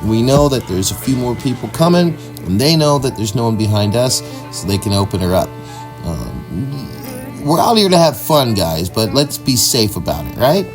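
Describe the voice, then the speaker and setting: A man from Washington state hosting a casual off-road vlog, relaxed and chatty with plenty of fillers, recorded on a phone in a vehicle outdoors. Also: medium pitch, normal speed. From Washington state, US Northwest. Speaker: vlog host. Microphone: phone camera. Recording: music playing underneath.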